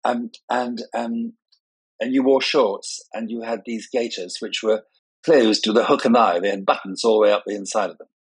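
A man's voice: on the low side, fairly even intonation, moderate pace, husky, no room sound, rough recording. An older man, raised in Scotland but with no Scottish accent, chatting as a guest in a conversational interview, telling self-mocking, playful stories. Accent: none, sounds English despite Scottish upbringing. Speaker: guest, party and wedding designer. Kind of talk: anecdotal conversation.

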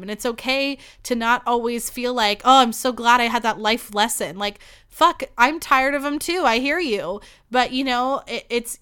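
A woman's voice: a little high, pushed and bright, clean tone. A young woman hosting a podcast, talking candidly about a breakup, close to tears, swearing, filling her talk with likes and you knows. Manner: emotional, swearing, many fillers. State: holding back tears. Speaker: podcast host. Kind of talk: candid personal monologue.

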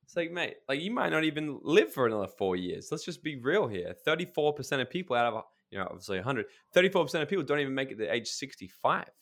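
A blunt man talks on a podcast in a casual, emphatic way, swearing freely as he makes his points. He tells stories with quick asides. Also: medium pitch, very animated, a bit bright.

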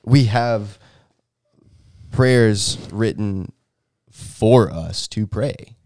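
A man's voice: lowish voice, extremely slow, darkish tone, no echo, studio quality. A man with a cold co-hosting a casual chat, easygoing and teasing. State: has a cold. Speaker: podcast co-host.

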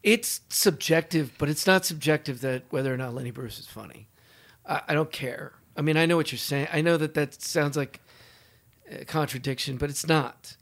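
A comedian in casual podcast talk, insistent, often repeating and restarting himself. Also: male voice, fairly high pitch, normal speed, fairly bright tone. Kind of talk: casual chat.

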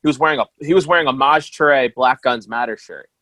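A man in casual talk among friends, recounting a news video with lively acted-out quotes. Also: mid-range voice, a little fast, no room sound. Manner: animated storytelling, acts out quotes with shouts. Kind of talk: casual chat.

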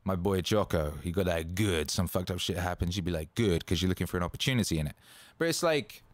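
A man hosting a casual motivational monologue, swearing freely and rambling with bursts of excitement. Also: sits low, fast talker, no echo. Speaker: host.

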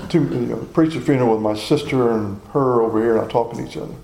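A man's voice: medium pitch, fast talker, vocal fry, mellow, reverberant, slight background noise, rough recording. A man in his sixties preaching a sermon in a folksy, personal storytelling way. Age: 60s.

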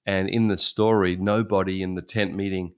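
This sixties-aged pastor's deep voice stays level, clean, and unhurried as he tells stories conversationally in his sermon. He often repeats himself and restarts his phrases.

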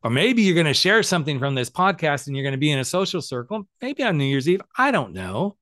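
A man's voice: fairly high pitch, sing-song, quick pace, fairly bright tone, dry recording, studio quality. A middle-aged man hosting a podcast as a coach, talking in a casual, emphatic, motivational way and swearing freely.

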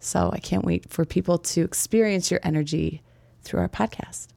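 A woman's voice: lowish voice, moderate pace, gravelly, warm tone, dry recording, studio quality. A woman hosting a podcast, welcoming a guest in an upbeat way and asking him questions. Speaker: podcast host. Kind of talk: scripted podcast intro and interview questions.

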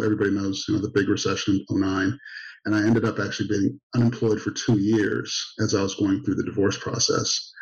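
Flat-toned low male voice, lo-fi. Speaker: divorced father in a group conversation. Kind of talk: casual conversation. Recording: dull lo-fi sound.

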